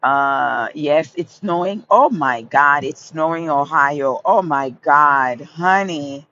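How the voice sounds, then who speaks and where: A Haitian woman in her fifties, hosting a livestream from a sunny park, chats casually and answers viewers, greeting them by name and calling them her loves. Her deep, bright, forceful voice moves slowly, fondly repeating phrases. The phone audio is dull and a little lo-fi, with some hiss or hum.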